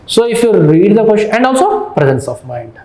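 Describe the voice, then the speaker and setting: A man's voice: high-pitched, big pitch swings, a little fast, mellow, reverberant. A man with an Indian accent teaching an exam lecture, repeating phrases and checking in with his students as he goes.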